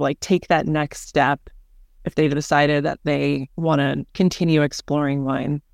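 A woman with a smooth, clear voice, talking through services in an upbeat, explanatory way as a podcast guest. The sound is dry and close, with no room around it. She sounds at ease in a business interview. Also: deep voice, dry recording. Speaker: senior director, podcast guest.

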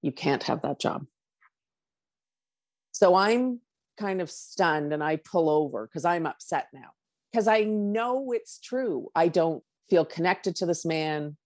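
A woman's voice: on the low side, animated, measured pace, darkish tone, no echo, clean studio sound. A middle-aged woman, a coach, telling a personal story candidly and acting out her own inner dialogue.

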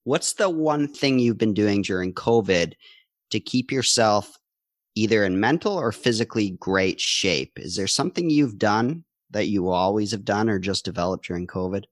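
A man hosting a podcast, asking questions in a relaxed, casual way. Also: fairly low pitch, moderate pace, no room sound, studio quality. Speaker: podcast host.

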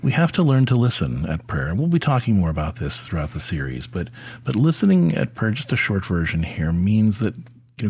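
A middle-aged man talks to fathers about faith, his voice low-pitched and somewhat husky. His delivery is animated and swings widely in pitch. He is conversational and unscripted, with plenty of fillers and repeated words. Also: moderate pace. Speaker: podcast host. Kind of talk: faith talk addressed to fathers.

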